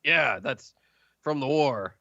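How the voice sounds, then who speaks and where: A man voicing a nervous, whiny butcher who yelps his words high and loud. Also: animated, slow pace, vocal fry, no room sound, exaggerated voice. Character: scared middle-aged male butcher patron, whiny. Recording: dull lo-fi stream audio.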